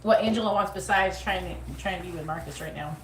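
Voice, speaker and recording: A woman's voice: fairly low pitch, brisk, slight background noise. A woman hosting a live psychic reading, talking bluntly and profanely in a sassy, casual way. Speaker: psychic livestream host. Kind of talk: live tarot reading chat. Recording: echoey room, mic at a distance.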